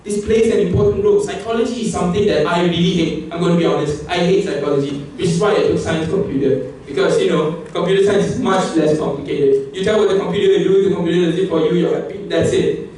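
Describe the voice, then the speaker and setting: A young man giving a humorous, emphatic competition speech, at times climbing into excited outbursts. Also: high-pitched, fast, a little hiss or hum. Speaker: public speaking contestant. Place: competition hall. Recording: echoey hall from far off.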